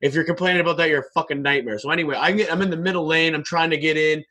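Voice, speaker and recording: A man telling a story in casual chat, profane and animated. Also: a little high, rapid-fire.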